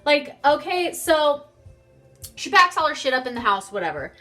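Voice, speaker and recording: Young woman doing a storytime vlog, kinda high bright voice, swears a lot, faint music behind. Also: moderate pace. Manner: animated, profane, swears freely. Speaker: vlogger. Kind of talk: casual storytime chat. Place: home, getting ready on camera.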